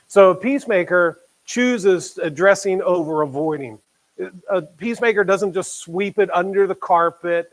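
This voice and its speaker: Male pastor, fairly high voice, chatty sermon delivery with dramatized quotes and hushed emphasis. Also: poor audio. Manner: conversational preaching, acts out quoted voices, drops to quiet emphasis.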